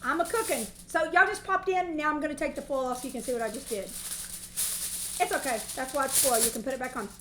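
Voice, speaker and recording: Chatty high-voiced woman cooking. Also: very fast, hardly any pauses, reverberant, noisy background. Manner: chatty and long-winded, folksy. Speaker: cooking livestream host. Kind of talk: casual cooking livestream chat. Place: home kitchen. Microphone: mic set on the counter.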